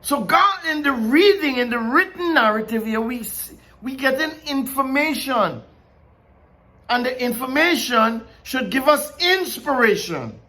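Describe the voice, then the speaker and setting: A man's voice: very high-pitched, bright, forceful tone. A man giving an informal Bible teaching. He talks in a conversational way, asks many questions and laughs often. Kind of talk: informal sermon.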